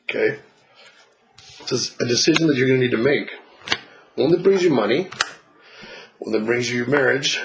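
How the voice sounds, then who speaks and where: A man's voice: mid-range voice, slight background noise, low-quality recording. A man giving a casual spiritual reading to a client, blunt and swearing, often laughing and acting out what people say. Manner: blunt, swears freely, laughs, acts out quotes. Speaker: spiritual reader.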